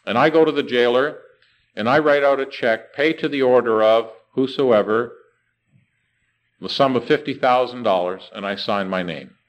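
A man preaching a sermon, asking rhetorical questions and slowing down to stress key words. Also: mid-range voice, highs cut off.

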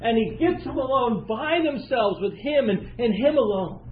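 Lively high-voiced male preacher. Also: moderate pace, a little hiss or hum. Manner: lively storytelling, asides and chuckles. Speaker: lay preacher and physician. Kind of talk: sermon with personal stories. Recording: tinny echoey lo-fi recording.

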